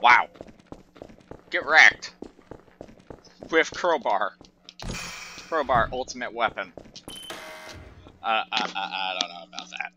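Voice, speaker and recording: A man in his twenties commenting on his own game playthrough, muttering and swearing with sudden excited outbursts. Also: lowish voice, slow pace, long pauses, highs cut off, background noise. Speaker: gaming channel host. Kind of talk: let's play commentary. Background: loud game music and gunfire.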